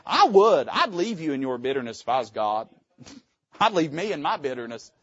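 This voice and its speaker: A man preaching a sermon from a church pulpit, swinging between soft asides and loud climaxes. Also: on the high side, very animated, normal speed, husky, dry recording, dull audio. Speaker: pastor. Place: church sanctuary.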